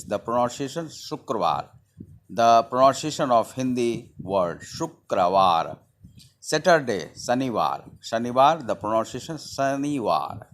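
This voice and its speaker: A man teaching a lesson at a very slow, careful pace, repeating each word again and again. He spells out the words letter by letter. His voice sits at an ordinary middle pitch. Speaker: Hindi teacher.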